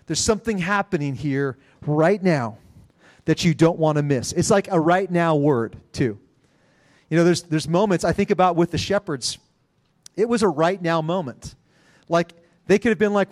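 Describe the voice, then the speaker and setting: A man in his pastoral role, preaching a conversational sermon with quick asides in a church sanctuary. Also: high-pitched.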